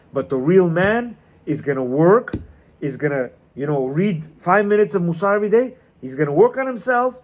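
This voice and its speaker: Husky, lively man teaching a class. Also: on the high side. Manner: emphatic, repetitive, preachy. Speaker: Torah teacher leading a class. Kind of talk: animated class talk. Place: classroom with students.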